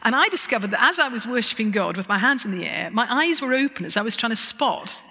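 A woman giving a lively, self-mocking testimony talk, with chuckling asides. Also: on the high side, fast, a little hiss or hum. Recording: long hall reverb.

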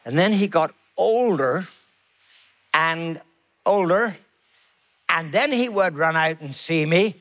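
High-voiced man preaching a sermon. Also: fairly bright tone. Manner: slow emphatic preaching with repeated phrases. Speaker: pastor.

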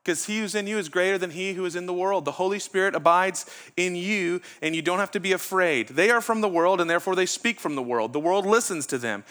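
A man's voice: high voice, fairly quick, a bit bright. A pastor preaching a sermon in a conversational way, asking his listeners rhetorical questions.

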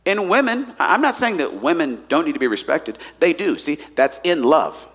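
A male pastor delivers a sermon to his congregation in a church. His voice sits fairly high and bright, and it ranges widely, sinking to quiet asides before rising to loud emphasis. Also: normal speed, few pauses, husky. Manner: animated preaching, swinging from hushed to loud.

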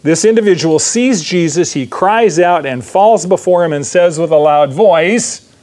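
A man's voice: fairly high pitch, a little slow, darkish tone. A man preaching a verse-by-verse sermon, emphatic, repeating phrases and checking in with "right?". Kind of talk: sermon, verse-by-verse Bible teaching.

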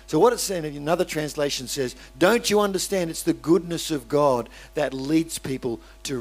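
A man with an Australian accent, a pastor preaching a sermon in a conversational way, with restarts and asides to the congregation. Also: on the high side.

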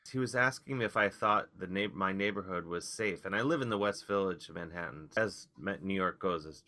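A man, a comedian guest, telling rambling, wry stories in casual podcast chat with animated outbursts. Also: low voice.

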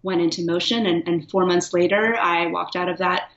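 A woman's voice: on the low side, fairly even intonation, moderate pace. A woman guest speaking candidly and reflectively in a casual interview, laughing now and then. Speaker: guest, writer. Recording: echoey, dull lo-fi sound.

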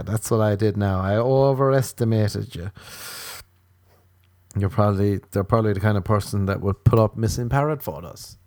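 A young man with an Irish accent telling rambling comic stories, often jumping into squealing high voices. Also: moderate pace, mellow, no echo. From Ireland. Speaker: comedian. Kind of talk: comic storytelling monologue.

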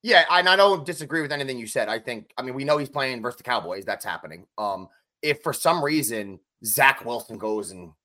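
Excitable bright-voiced man talking sports. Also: mid-range voice, brisk. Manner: excited, emphatic, runs through stats. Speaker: podcast co-host. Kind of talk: casual sports podcast chat.

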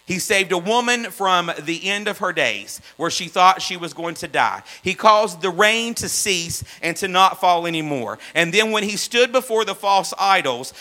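Male preacher, high bright voice, fervent then hushed, light mains hum. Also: low-quality recording. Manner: swings from loud fervent runs to hushed low asides. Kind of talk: sermon.

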